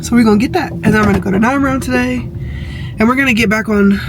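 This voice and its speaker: A woman's voice: fairly high pitch, fast, background noise. A woman talking casually to the camera in a vlog, full of fillers, recorded in a car. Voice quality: chatty, many fillers like "like" and "um". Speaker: vlogger.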